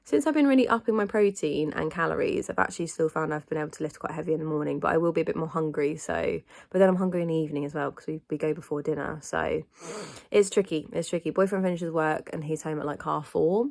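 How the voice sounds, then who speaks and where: A woman's voice: sits low, fast talker, creaky, darkish tone. A woman rambling in a casual vlog chat, stuffy-nosed from hay fever, with frequent ums and restarts. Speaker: vlogger.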